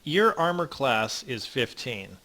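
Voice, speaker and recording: A young man as dungeon master, narrating a tabletop game with many ums and pauses. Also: medium pitch, very animated, pushed and bright, a little hiss or hum. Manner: halting, many ums, voices gruff figures in passing.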